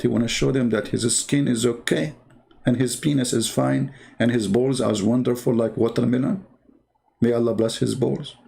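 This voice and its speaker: A man's voice: mid-range voice, gravelly, darkish tone, breathy edge. A man who is not a native English speaker, hosting a commentary show in a mocking, sarcastic tone and broken English. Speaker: show host.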